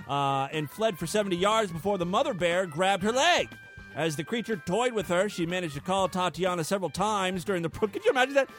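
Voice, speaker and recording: Lively high-pitched male podcast host. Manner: irreverent, laughs often, mock voices for quotes. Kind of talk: crude comedic news commentary.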